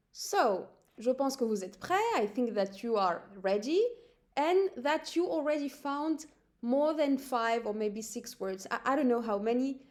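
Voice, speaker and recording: A woman gives a language lesson in a slightly high voice. She says each word slowly and repeats it so listeners can copy the pronunciation. Her delivery is patient and methodical. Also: darkish tone. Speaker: French teacher.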